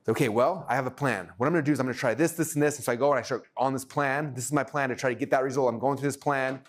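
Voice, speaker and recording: A man teaching a workshop in front of a live room, talking at a rapid clip. He is energetic and excitable and acts out his own thoughts as he explains, and his pitch sits in a middle range.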